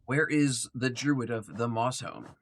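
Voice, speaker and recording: A man's voice: medium pitch, measured pace. A young man chatting casually while live-streaming a game, reading chat aloud and sounding a bit tired and yawny. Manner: chatty, reads chat aloud, talks to himself while playing. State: yawning, tired.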